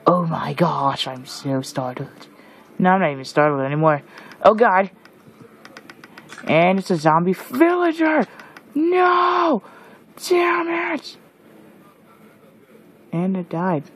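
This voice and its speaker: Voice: medium pitch, husky. A gamer giving casual let's-play commentary, jumpy and shrieking at monsters while muttering asides in between. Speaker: gameplay commentator.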